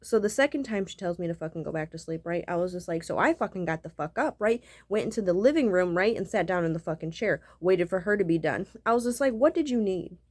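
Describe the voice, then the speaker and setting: A woman's voice: fairly low pitch, expressive, fast, hardly any pauses, no echo, studio quality. An irritated woman ranting profanely about being woken up, repeating "right?" between points. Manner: profane, repetitive, keeps asking "right?". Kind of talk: angry rant to camera.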